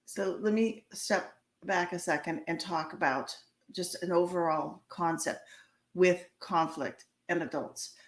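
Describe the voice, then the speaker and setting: A woman therapist giving a casual spoken lesson on handling conflict in couples, pausing often and restarting her words as she coaches. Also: lowish voice. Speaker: couples therapist teaching a course. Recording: echoey room.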